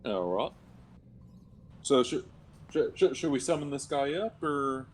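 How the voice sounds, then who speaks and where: A man's voice: mid-range voice, expressive, a little slow, darkish tone. Guy on a call playing a tabletop game, stumbles over his words a lot, light background hiss. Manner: hesitant, stammers and repeats words. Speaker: player. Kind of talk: casual tabletop game chat. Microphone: own microphone over an online call.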